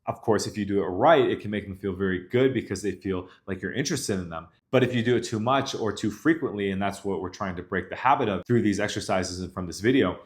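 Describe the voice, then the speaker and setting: A man speaking casually to camera as a dating coach, explaining calmly and directly. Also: fairly low pitch, fast talker, few pauses. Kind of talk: instructional talk to camera.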